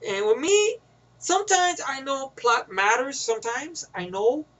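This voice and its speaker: A young man with a fairly high voice talks through a movie he loves in a loose, rambling way. He stumbles, repeats himself and slips into the characters' lines as he retells scenes. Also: animated, unhurried, a bit bright, poor audio. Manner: rambling, laughs often, restarts and repeats words. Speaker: movie reviewer. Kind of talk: casual spoken movie review.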